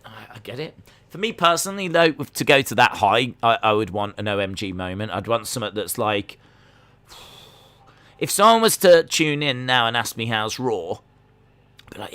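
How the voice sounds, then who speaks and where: Male reaction host, bright forward tone, dry close sound, rambling casual delivery. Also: mid-range voice, expressive, moderate pace, clear, resonant tone, no room sound. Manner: casual, musing, rambling with fillers and restarts. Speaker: watch-along host. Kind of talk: live reaction commentary.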